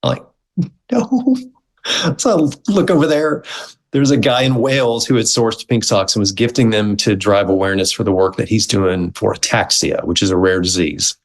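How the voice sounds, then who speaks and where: A middle-aged man, a guest on an interview show, telling his story in a casual, animated way and acting out the quoted dialogue. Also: fairly low pitch, fairly quick, low-quality recording. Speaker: guest, movement founder.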